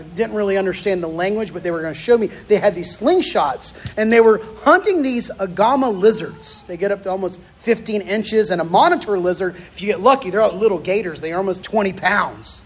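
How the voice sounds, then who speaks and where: A man preaches with a fairly high voice. He moves between folksy personal anecdotes and teaching points, animated and storytelling. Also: brisk, slightly rough. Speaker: pastor. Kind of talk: sermon with personal stories.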